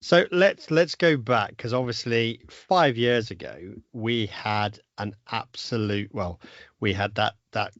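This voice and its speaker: A man hosting a podcast, asking steady questions and adding brief agreement. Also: lowish voice, slow pace, dry recording, muffled recording. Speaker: podcast host. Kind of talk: interviewing.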